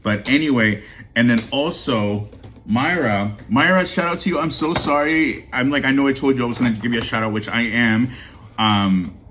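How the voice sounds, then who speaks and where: A man's voice: medium pitch, moderate pace, fairly bright tone, slight background noise. A man hosting a bargain-haul channel, talking to viewers in a heartfelt, rambling way, teary-eyed and emotional. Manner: heartfelt and rambling, with many restarts. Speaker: deal-hunting channel host. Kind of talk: casual vlog chat.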